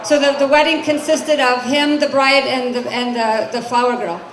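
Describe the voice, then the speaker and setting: A woman's voice: high-pitched, fairly even intonation, moderate pace. A woman in her forties doing a stand-up comedy set on a club stage, brassy and chatty, questioning the crowd. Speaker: stand-up comic. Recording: echoey club with crowd noise. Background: crowd laughter and room noise.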